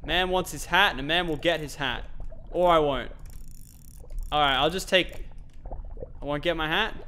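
A young man with an Australian accent giving excitable let's-play commentary, shouting and groaning at the game and talking to himself. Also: a little high, normal speed, faint music behind. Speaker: gaming channel host.

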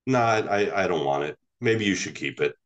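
A blunt, unattached young Zen student turns things down calmly, as a man puts him on in a story. The voice is low and plain, with no fuss. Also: normal speed, muffled recording.

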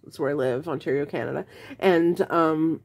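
A woman's voice: low voice, normal speed, vocal fry. A woman vlogging to camera, frankly telling her own story in a casual, exasperated way, rambling with restarts.

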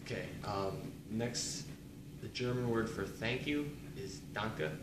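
Low-voiced young man teaching, far from mic. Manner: halting, lots of ums, quick bursts. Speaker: student presenter. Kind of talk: casual instruction. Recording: echoey room, distant mic, noise.

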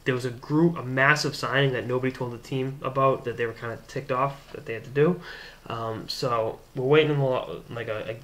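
A young man from the Boston area hosts his own hockey show and tells a long story in a casual, rambling way. His voice is bright and forward, and he often restarts his sentences as he builds the anecdote. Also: medium pitch, steady tone, brisk. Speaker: hockey blogger and show host.

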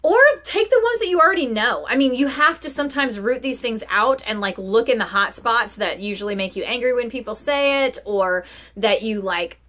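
A woman's voice: fairly high pitch, animated, moderate pace, fairly bright tone. A woman giving a casual self-help talk as host, chatty and full of fillers.

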